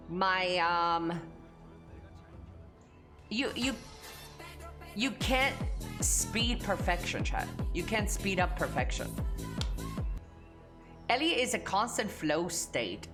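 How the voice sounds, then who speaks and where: Woman streamer from Mexico, crude and playful, slow lively delivery over faint music. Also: fairly low pitch. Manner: crude, playful, talks to chat, hums and sings nonsense. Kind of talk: casual livestream chat.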